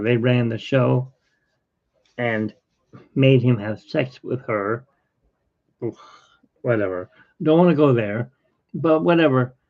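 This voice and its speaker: A man hosting an art livestream chats in a rambling, opinionated way. His mid-range voice is gravelly and a little mellow, and the recording sounds muffled.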